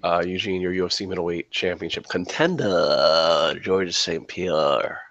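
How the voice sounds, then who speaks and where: A man's voice: sits low, unhurried, a bit bright, no room sound, muffled recording. A man co-hosting a podcast, asking questions in a playful, teasing casual chat. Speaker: podcast co-host.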